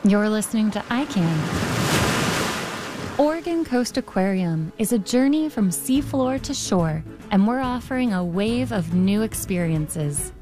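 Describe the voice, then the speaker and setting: A woman's voice: mid-range voice, expressive, unhurried, over music. A woman announcer reading a scripted, upbeat promotional ad. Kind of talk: scripted radio ad read.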